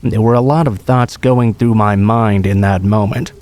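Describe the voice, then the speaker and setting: A man reading a true horror story aloud as a scripted narration, in a calm, steady storytelling manner. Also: fairly low pitch, normal speed.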